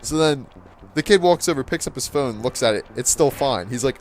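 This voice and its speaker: A man's voice: medium pitch, lively intonation, brisk, slight background noise. A teenage boy casually telling a funny story while playing a video game, laughing often and acting out what people said. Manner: chatty, laughs often, acts out quotes. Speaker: gaming channel host. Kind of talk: casual storytelling over gameplay.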